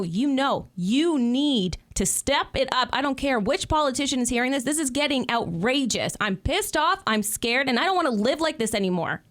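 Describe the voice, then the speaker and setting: Canadian woman on a talk show, upset and blunt, kinda high voice. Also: animated, moderate pace, few pauses, fairly bright tone. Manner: indignant, emotional and outspoken. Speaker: guest commentator.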